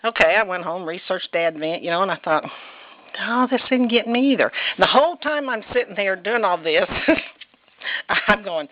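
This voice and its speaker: A woman's voice: on the low side, expressive, fairly quick, dry recording. Woman preacher rambling through a folksy sermon, muffled dry church recording. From Indianapolis, United States. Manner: chatty and rambling, with self-deprecating laughs. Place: church sanctuary.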